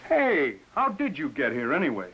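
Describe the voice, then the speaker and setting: A wisecracking american hero, bright voice that bounces around, old tv drama. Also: male voice, on the high side, wildly swooping pitch, normal speed, breathy edge, full character voice, poor audio. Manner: joking and teasing. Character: breezy American businessman-adventurer, male. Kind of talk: 1950s TV drama acting.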